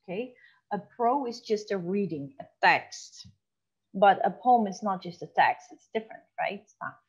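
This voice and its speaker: A woman teacher leads an online class lecture at a middle pitch, explaining step by step. She often checks in with a quick tag question and slows down to read examples aloud. The audio is dull and lo-fi.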